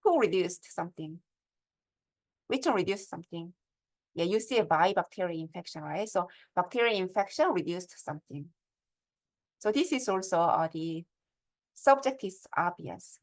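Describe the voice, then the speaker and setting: A woman's voice: on the low side, expressive, normal speed, long pauses. Woman lecturing on writing. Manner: explains step by step, asks the audience checking questions.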